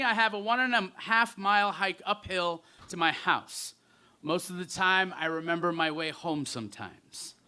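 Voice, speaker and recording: A man with a sharp tone and a voice that sits high performs live spoken word on a festival stage. Using a stage mic, he delivers his lines rhythmically and leans on deliberate pauses.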